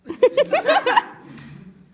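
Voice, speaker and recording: A young man acting out a tormented husband full of guilt and self-mockery, his high voice rising and falling in wide swings as he broods slowly. It is a stage scene recorded from far off in an echoey theatre with a faint hiss behind. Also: big pitch swings, heavily acted. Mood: self-mocking. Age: young adult. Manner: brooding, bitterly ironic, swinging from hushed to loud outbursts. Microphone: far camera.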